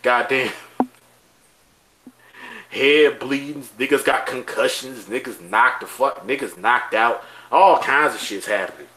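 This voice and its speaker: A man co-hosting a podcast in loud, animated casual chat, swearing and laughing often. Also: medium pitch, unhurried. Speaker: podcast co-host.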